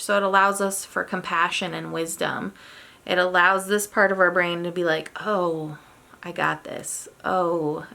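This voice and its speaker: A woman's voice: medium pitch, vocal fry, fairly bright tone. A woman giving an informal parenting talk in a chatty way, often checking in with "right?". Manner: chatty, acts out quoted voices, frequent "right?" and "like". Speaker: parenting workshop presenter.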